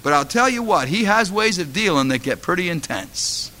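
Bright-voiced impassioned man preaching. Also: high-pitched, animated, moderate pace, hardly any pauses. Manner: impassioned storytelling, voice rising to fervent exhortation. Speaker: pastor. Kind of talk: sermon.

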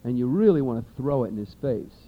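A man preaching a sermon, lively and animated, acting out everyday scenes in different voices as he reads scripture. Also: mid-range voice, brisk. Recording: dull lo-fi recording.

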